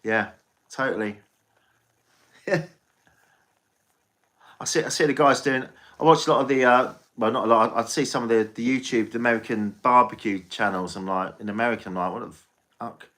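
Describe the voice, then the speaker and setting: A man's voice: medium pitch, normal speed, long pauses, a bit bright. An English man chatting casually on a live stream as a tarot reader, rambling and swearing freely.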